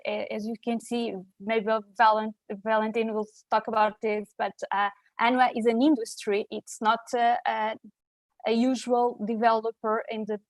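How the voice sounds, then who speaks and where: Portuguese woman giving a webinar talk, bit high voice, dry sound, lots of uhs and restarts. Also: no echo. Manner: hesitant, many fillers and restarts. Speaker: presenter at a webinar. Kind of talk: technical presentation over video call. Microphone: video call.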